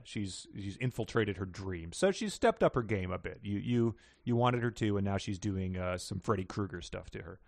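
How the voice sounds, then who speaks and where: A man's voice: lowish voice, vocal fry, no echo. A man co-hosting a comedy podcast, mocking a book with wry asides and laughs as he reads passages aloud. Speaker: podcast co-host.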